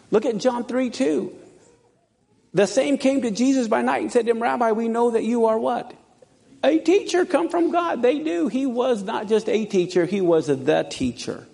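Emphatic male preacher, high gravelly voice, builds excitement while reading verses aloud. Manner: emphatic, reads scripture aloud with rising excitement. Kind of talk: sermon.

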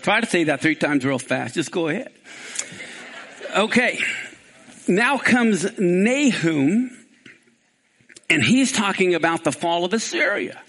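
A man with a Kansas accent teaching through Bible passages, reading verses aloud and explaining them with animated emphasis. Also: sits high, slow pace, long pauses. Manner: animated, rising for emphasis on scripture.

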